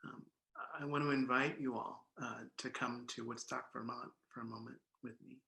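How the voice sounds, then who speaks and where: A male minister opening a sermon with guided imagery, speaking in an unhurried way with frequent "uh" and "um" fillers. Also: mid-range voice, fairly even intonation, creaky, bright, forceful tone, reverberant, low-quality recording.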